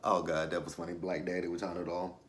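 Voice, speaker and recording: A man's voice: low-pitched, fairly bright tone, slight background noise. A man hosting his own channel and recapping a TV episode in loose, profane slang, with lots of fillers and laughs. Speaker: TV episode reviewer, channel host.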